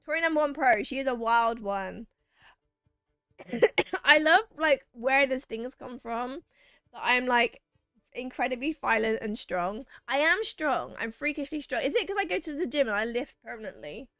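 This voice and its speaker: A woman's voice: a little high, lively intonation, moderate pace, fairly bright tone, no echo. A woman streaming a video game who chats playfully with her viewers, reading their messages aloud and bantering back. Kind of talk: casual chat with a live chat while gaming. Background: faint game music.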